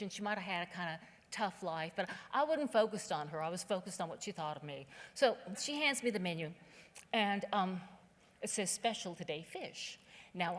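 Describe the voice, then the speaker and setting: A woman from southern West Virginia, giving a keynote speech as a humorous, conversational storyteller on a theater stage. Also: fairly low pitch. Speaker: keynote speaker. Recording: long hall reverb.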